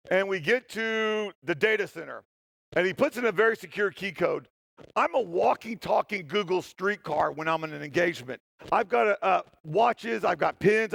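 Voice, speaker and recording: A man with a high, gravelly voice tells a story on stage in a conference talk. He jokes often and pokes fun at himself. His voice sounds dry and close. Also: dry recording. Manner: animated, joking, self-deprecating. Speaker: security tester giving a talk. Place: stage in a hall.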